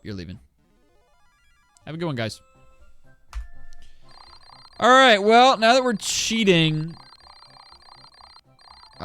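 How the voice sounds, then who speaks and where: A young man streaming a game, chatting and telling a story with lots of swearing and high-pitched impressions of others. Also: clean tone. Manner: animated, swears freely, jumps into high mimicking voices. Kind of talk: casual live-stream storytelling while gaming. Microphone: desk mic.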